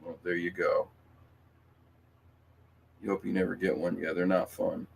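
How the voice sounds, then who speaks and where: Male livestream host, very low voice, rambling and emphatic, faint hiss behind. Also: flat delivery, a little slow, vocal fry. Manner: rambling, emphatic, swears, with many fillers and restarts. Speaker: livestream host reading viewer comments. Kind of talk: casual livestream chat.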